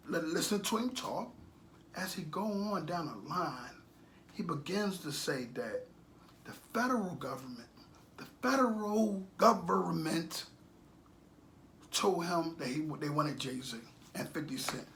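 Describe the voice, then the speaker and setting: Man, middle-aged, bright forceful voice, fairly high, preachy commentary, repeats himself, rhetorical questions. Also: slight background noise. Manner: swings between loud emphatic bursts and low muttering. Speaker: commentator on a social media channel. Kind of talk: animated street-talk commentary.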